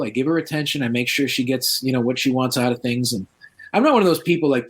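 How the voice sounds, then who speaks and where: A man's voice: medium pitch, fast talker, breathy edge. A man, a paranormal researcher, telling stories in a casual interview and acting out the voices of the people he quotes. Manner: animated, acts out quoted voices.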